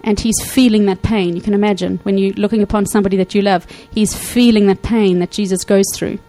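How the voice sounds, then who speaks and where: A woman preaching a sermon to her congregation, animated, acting out Bible quotes and checking in often with her listeners. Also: mid-range voice, a little fast, poor audio. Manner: animated, acts out quotes, frequent "okay?" check-ins.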